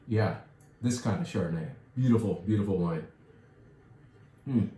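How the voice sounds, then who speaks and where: Enthusiastic male wine steward, lowish voice, savoring tasting chat, echoey room. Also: normal speed, warm tone. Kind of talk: casual wine tasting talk.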